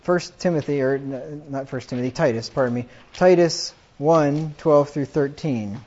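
A man preaching a sermon, quoting scripture emphatically and getting louder on the quotes. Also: a little high, moderate pace. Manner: emphatic, rises loud when quoting scripture. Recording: dull lo-fi recording.

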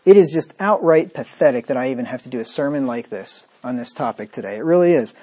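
A man's voice: medium pitch, lively intonation, fast talker, mellow. A man preaching a sermon, emphatic and repetitive, with a sarcastic, mocking edge. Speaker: pastor.

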